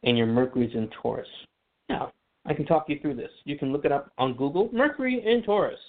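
A man's voice: fairly high pitch, animated, brisk. A man explaining astrology in casual radio talk, chatty, with many fillers and restarts. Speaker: astrology guest. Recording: tinny phone line.

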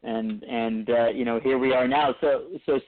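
A man's voice: mid-range voice, steady tone, moderate pace. A man hosting a podcast, chatting easily with his guest and steering toward the end of the show. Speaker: podcast host. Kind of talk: casual podcast chat. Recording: tinny phone-like line.

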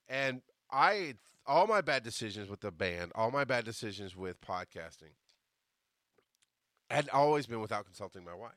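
A man hosting his podcast, telling a story from his working life in a casual, animated way, cursing and restarting his sentences. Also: mid-range voice, normal speed, dry recording, studio quality. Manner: animated, profane, many restarts. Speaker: podcast host.

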